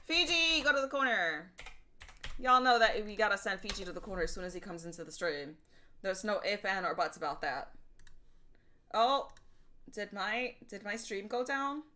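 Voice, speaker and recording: A woman streamer chatting casually and telling stories in an animated, profane way. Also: mid-range voice, moderate pace. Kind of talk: casual livestream chat.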